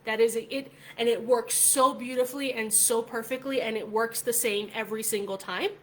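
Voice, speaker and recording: A chatty middle-aged woman tells a story straight to her viewers, scattering "like" through her sentences. Her voice sits a little high. A faint hiss runs under her talk. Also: normal speed. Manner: chatty, animated, many "like" fillers. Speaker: vlog host. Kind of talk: casual storytelling vlog.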